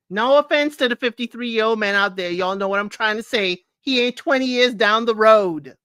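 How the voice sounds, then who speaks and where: A woman's voice: on the high side, normal speed, few pauses, smooth, no room sound. Exasperated woman host reading online posts. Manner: animated, exasperated, talks straight to listeners. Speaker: advice show host.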